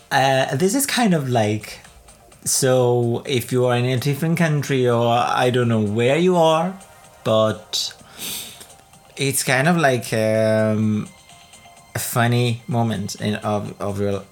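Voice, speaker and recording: Chatty laughing woman, slow rambling delivery. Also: rumbling low. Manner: chatty, rambling, laughs often, many fillers and restarts. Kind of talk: casual travel vlog chat.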